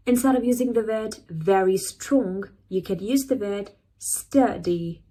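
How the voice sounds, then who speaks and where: A woman hosts an English vocabulary lesson in a middle-pitched voice. She repeats each new word slowly and clearly so learners can copy it. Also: dark tone, rough recording. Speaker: English teacher, channel host.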